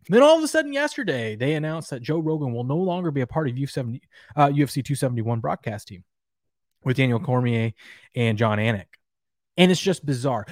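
A man's voice: a little high, darkish tone, no echo, studio quality. Angry profane man ranting at his audience. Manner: angry, profane, stammering rant. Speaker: online show host. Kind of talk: ranting commentary vlog.

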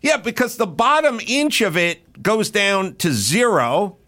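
A man telling a story in casual podcast chat, animated and profane, acting out what he said in the moment. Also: high-pitched, a little slow. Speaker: comedian guest.

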